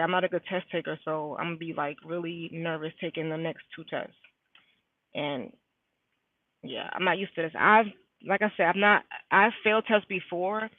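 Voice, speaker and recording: A woman's voice: lowish voice, no room sound. A young woman, a nursing student, venting candidly in a casual vlog, stressed out and full of slang and fillers. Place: in her car, parked at school. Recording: tinny phone-like sound, dry.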